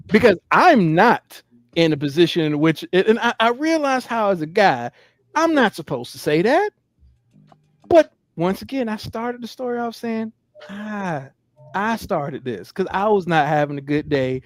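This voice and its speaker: On a live-streamed podcast recorded through a studio mic, a male host tells a story casually and with plenty of profanity, acting out the quoted lines. His voice sits high, his pace is moderate, and there's no room sound.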